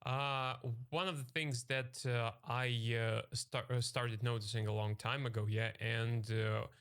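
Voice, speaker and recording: A man's voice: mid-range voice, flat delivery, unhurried, a bit bright, clean tone. A man hosting a podcast, asking questions hesitantly with many fillers and tag "yeah"s. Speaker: podcast host. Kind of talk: casual podcast interview.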